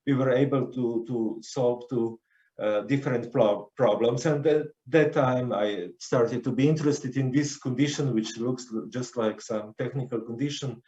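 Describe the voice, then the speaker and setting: Man, conference lecture, halting with restarts, roomy sound, dull lo-fi recording. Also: mid-range voice, mellow. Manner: hesitant, many fillers and restarts. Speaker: conference speaker. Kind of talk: academic lecture.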